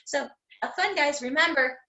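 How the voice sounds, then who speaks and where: A woman teaching a phonics lesson to young children, sounding out each letter slowly in a sing-song way. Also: high voice, bright, forceful tone. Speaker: kindergarten teacher. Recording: echoey room.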